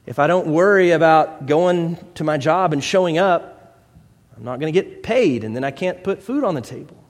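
A man preaching a conversational sermon, asking rhetorical questions and telling stories. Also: a little high. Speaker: pastor. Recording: long hall reverb.

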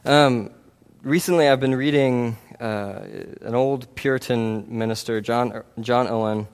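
A man with a clean-toned, medium-pitched voice preaches at a measured pace with fairly even intonation. His sermon is earnest and conversational, marked by frequent "right?" check-ins with the congregation and restarts.

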